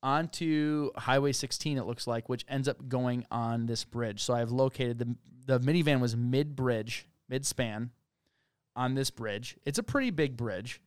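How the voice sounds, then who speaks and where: A man's voice: medium pitch, measured pace, smooth, dry recording, clean studio sound. A man co-hosting a true-crime podcast, talking casually and reading from case reports as he thinks aloud. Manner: conversational, reads from case documents, thinks aloud. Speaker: podcast co-host.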